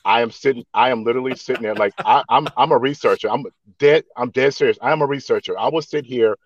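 A man's voice: medium pitch, fast, no room sound, muffled recording. A man voice actor in casual chat, emphatic and repeating himself.

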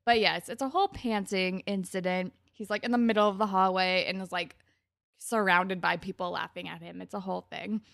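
A young woman co-hosting a casual recap podcast, chatty and animated, acting out characters' lines with big jumps in her voice. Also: medium pitch, fairly quick, vocal fry, no room sound, studio quality. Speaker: podcast co-host.

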